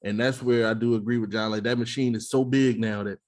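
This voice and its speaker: A man co-hosting a podcast in casual banter, laughing often, swearing freely and slipping into quick impressions. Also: medium pitch, steady tone, a little mellow. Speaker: podcast host.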